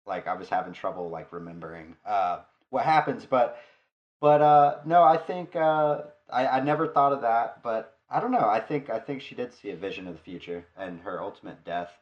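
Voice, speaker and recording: A man's voice: lowish voice, animated, normal speed. Hesitant man on slightly muffled audio. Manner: hesitant, stumbling restarts. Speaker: podcast co-host. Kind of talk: casual discussion.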